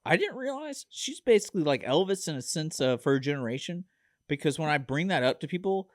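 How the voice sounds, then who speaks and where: A man's voice: on the high side, sing-song, a little fast, no echo, clean studio sound. A man co-hosting a community radio show, laid-back and jokey in casual chat, laughing often and calling people dude. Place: radio studio. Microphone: studio microphone.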